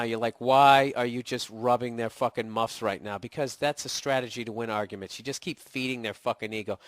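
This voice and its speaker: A man's voice: mid-range voice, fairly bright tone, dry recording, clean studio sound. A man in his forties with a Boston accent, hosting a podcast and answering listener emails in a profane, sarcastic rant while getting over a cold. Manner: profane, sarcastic, mocking impressions. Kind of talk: casual ranting monologue.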